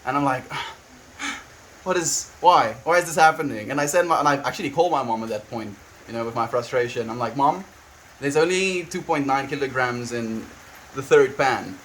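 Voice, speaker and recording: A man's voice: medium pitch, moderate pace, a bit bright, slight background noise, low-quality recording. A young man livestreaming from home, chatting casually and rambling, laughing often and restarting sentences as he vents and reads chat. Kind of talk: casual chat, venting and reading chat. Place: at home on a farm.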